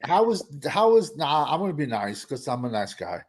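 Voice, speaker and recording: A man co-hosting a sports show, animated and insistent while arguing with a fellow panelist. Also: on the high side, normal speed. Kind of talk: heated sports debate.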